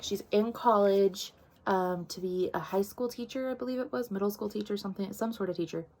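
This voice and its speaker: A woman's voice: mid-range voice, fairly quick, a little mellow. Chatty woman recapping a book. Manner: chatty, many likes and quoted asides, acts out characters. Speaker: book reviewer.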